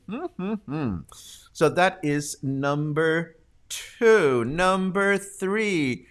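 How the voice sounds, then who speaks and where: A man hosting a live community show, playful and quick to break into loud laughter. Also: fairly high pitch, sing-song. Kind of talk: lively live-stream chat.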